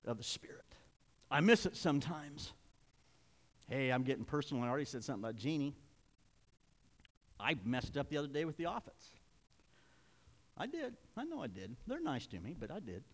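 A man's voice: a little high, a bit bright, long reverb tail. An older man preaching a sermon in a church, folksy and confessional, building to emphatic points. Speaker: pastor. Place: church sanctuary.

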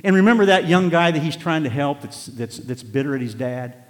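An older man preaching a sermon, telling folksy stories and rising into loud, emphatic passages. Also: fairly high pitch, lively intonation, fairly quick. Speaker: pastor. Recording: long hall reverb.

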